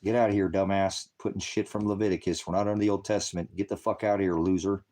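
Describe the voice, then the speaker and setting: Low, warm, and fairly even in intonation, this man's voice moves quickly. During his ministry livestream he lectures on scripture, then turns on his chat, cursing and berating the commenters in an angry, combative heckle.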